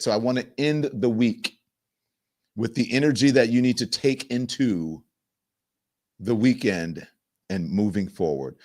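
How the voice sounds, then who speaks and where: A man's voice: mid-range voice, measured pace, long pauses, a little mellow. A man hosting a live commentary show, speaking with emphatic enthusiasm. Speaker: host.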